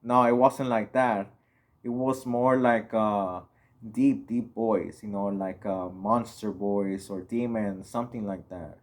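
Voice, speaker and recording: A man's voice: on the low side, fairly even intonation, slow pace, darkish tone. A young man from Mexico casually telling a personal story on his vlog, rambling and full of filler words. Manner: rambling, heavy on "you know" and "like" fillers. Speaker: vlogger.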